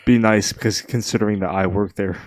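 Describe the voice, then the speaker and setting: A man's voice: lowish voice, fairly even intonation, fairly quick, no echo. A young man in his twenties co-hosting a podcast, chatting and teasing his friends. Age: young adult. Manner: teasing, laughs easily. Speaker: podcast co-host. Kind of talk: casual chat.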